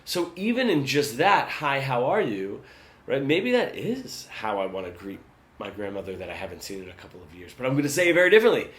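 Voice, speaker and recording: A man teaching guitar in a relaxed, conversational lesson, often checking in with "right?". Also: mid-range voice, fast. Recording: roomy sound with guitar.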